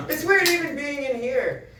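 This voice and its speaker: A man's voice: very high-pitched, sing-song, measured pace. A man from Manitoba doing a self-deprecating stand-up set in a comedy club, laughing through his punchlines. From Manitoba, Canada. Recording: roomy club recording from a distance, audience noise.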